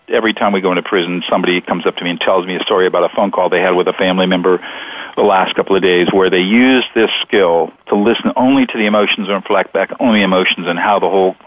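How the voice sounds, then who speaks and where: Lowish guy calmly walking thru his steps on a radio show, muffled lo-fi audio. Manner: measured, explanatory, steps through points. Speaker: guest author. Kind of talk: radio interview. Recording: dull lo-fi radio sound.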